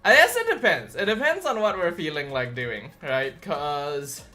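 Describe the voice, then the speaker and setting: A young man streaming and chatting off the cuff, sounding worn out after a long day. His voice is bright and sharp, a touch high for a man, and he rambles through fillers and restarts. Soft music plays behind him. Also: big pitch swings, a little slow. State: tired. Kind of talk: casual livestream chat.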